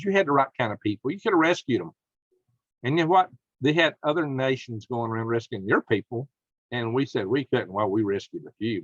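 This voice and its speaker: A man delivers angry political commentary, his pitch swinging widely as he rails against officials. The sound is dry and a little dull, as if from a lo-fi home setup. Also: a bit bright, no room sound. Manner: indignant, emphatic, apologizes to viewers.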